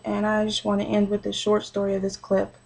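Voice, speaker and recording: Young woman, gravelly edge, personal-story sermon, earnest and chatty. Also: medium pitch, completely flat delivery, fairly quick, a little mellow, poor audio. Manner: earnest, conversational with frequent fillers. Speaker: speaker giving a short sermon.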